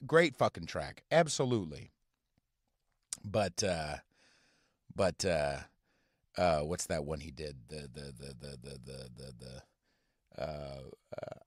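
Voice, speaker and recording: A man hosting a podcast from inside his car, ranting casually and profanely in a halting, rambling way full of fillers. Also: lowish voice, animated, darkish tone, dry recording, studio quality. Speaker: podcast host. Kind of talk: casual rant.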